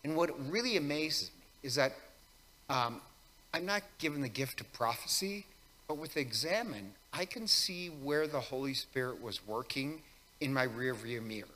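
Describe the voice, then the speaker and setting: A man's voice: mid-range voice, animated, moderate pace, bright, forceful tone. A priest giving a conversational weekday homily, wry and self-mocking in his asides. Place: church. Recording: long church reverb.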